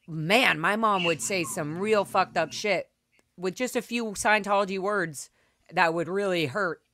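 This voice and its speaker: A woman's voice: mid-range voice, a little slow, a bit bright, slight background noise. A young adult woman hosting a podcast, telling a personal story in a candid, emotional way over a video call, full of fillers and restarts. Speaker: podcast host. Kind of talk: casual chat, personal storytelling.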